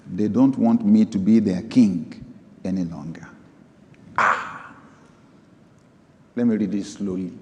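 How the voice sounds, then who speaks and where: A man preaching a sermon as pastor, reading scripture aloud, moving from low asides to sudden high, emphatic bursts. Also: lively intonation, moderate pace, darkish tone. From Nigeria. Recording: long hall reverb.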